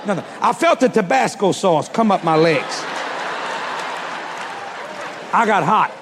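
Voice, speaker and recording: A high-pitched, gravelly preacher man tells a story from the pulpit, swinging his voice up and down and bursting into shouts. His voice rings out with a long reverb, as if he were in a large auditorium. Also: a little fast, hardly any pauses. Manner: animated, shouting in acted-out dialogue. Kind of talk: sermon storytelling. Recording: reverberant hall.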